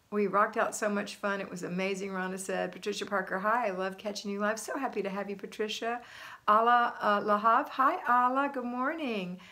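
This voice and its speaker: A woman's voice: mid-range voice, steady tone, normal speed, bright, forceful tone. A middle-aged woman hosting a homemaking livestream, chatting upbeat and greeting viewers by name as she reads their comments aloud. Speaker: homemaking channel host. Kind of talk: casual livestream chat reading viewer comments.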